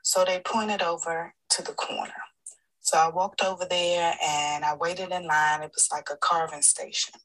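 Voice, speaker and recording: A woman's voice: fairly low pitch, level tone, moderate pace, a bit bright, rough recording. A woman telling a funny travel story in a recorded voice note sent to a podcast. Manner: chatty storyteller, laughs at her own story. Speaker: listener sending a voice note.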